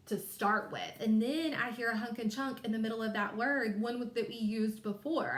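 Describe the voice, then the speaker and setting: A woman teacher leading a phonics lesson, stretching words out slowly and sounding each letter carefully. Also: a little high, fairly bright tone. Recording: echoey room.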